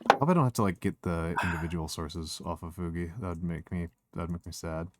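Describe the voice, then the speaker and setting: A man's voice: deep voice, fast talker. A man hosting a stream, chatting casually and hesitantly with lots of restarts. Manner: hesitant, many restarts and fillers. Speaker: streamer host. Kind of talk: casual chat.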